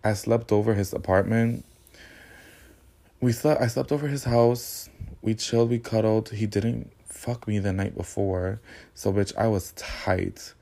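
A man's voice: on the low side, creaky, a little mellow. A man hosting a podcast, telling a personal story in a sassy, candid and slangy casual monologue. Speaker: podcast host.

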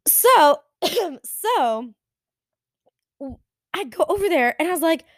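A woman in her twenties telling a story in an animated, exasperated way. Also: very high-pitched, slow, no echo. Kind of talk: storytime vlog.

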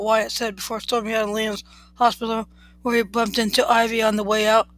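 A woman's voice: on the high side, little pitch movement, brisk, a bit bright, no echo, rough recording. A woman reading a serial romance story aloud, plainly, with small slips and restarts. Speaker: podcast storyteller.

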